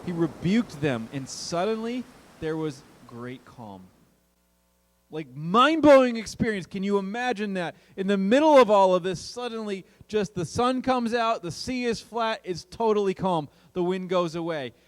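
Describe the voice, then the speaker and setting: A man preaching a youth sermon, telling a story with big swings in pitch and volume. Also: animated, a little slow, long reverb tail. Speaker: youth pastor.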